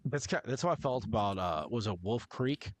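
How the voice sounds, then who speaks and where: A man's voice: medium pitch, animated, normal speed, no echo. Rambling, profane male podcast co-host. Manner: profane, rambling, self-interrupting. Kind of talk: casual movie review chat.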